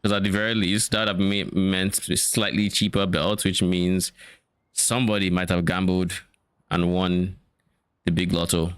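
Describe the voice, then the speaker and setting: A young man chatting casually while playing a game, relaxed, swearing lightly and trailing off mid-thought. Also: low voice, moderate pace, clear, resonant tone, no echo, studio quality. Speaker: co-player. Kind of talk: casual gaming chat.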